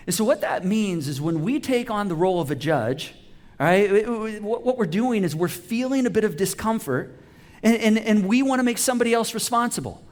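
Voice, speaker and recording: Male pastor, high-pitched, conversational sermon delivery, lots of restarts, animated quoted voices. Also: a little fast. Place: church auditorium with a live congregation.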